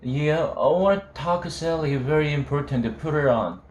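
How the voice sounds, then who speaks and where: A man voicing a drunk teenage boy who yells on the phone, slurring, loud and repeating himself. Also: a little high, moderate pace, a little hiss or hum, pitched above the performer's own voice, close to an everyday voice. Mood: drunk, pushy. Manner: slurred, loud, repetitive pleading. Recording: roomy room echo.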